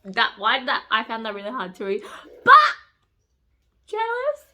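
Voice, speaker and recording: A woman's voice: mid-range voice, fairly even intonation, quick pace, bright, forceful tone. A woman vlogging about a book she is reading, gushing over it and squealing with delight. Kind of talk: excited reading vlog.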